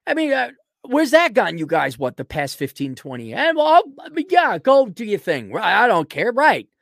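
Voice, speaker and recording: A man hosting a podcast, delivering a blunt, mocking solo rant and often clearing his throat. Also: sits high, wildly swooping pitch, normal speed, fairly bright tone, no room sound, studio quality. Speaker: podcast host. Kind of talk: ranting solo commentary.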